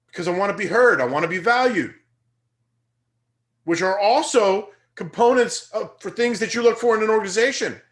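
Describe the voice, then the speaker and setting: A young man, a teacher, giving a conversational and energetic motivational lecture that rises into emphatic bursts. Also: high-pitched, normal speed.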